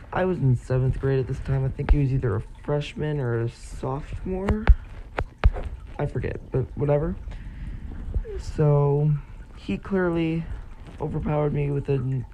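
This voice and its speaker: Young man with a gravelly, slow drawl. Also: on the high side, background noise. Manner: rambling, filler-heavy retelling. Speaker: vlogger. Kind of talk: casual storytime.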